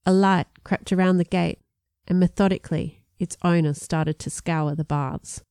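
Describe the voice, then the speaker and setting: A woman reading a first-person story aloud, expressive and lively in her narration. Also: normal speed, clean tone, no room sound, studio quality. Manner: expressive, lifts pitch for dialogue. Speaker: audiobook narrator.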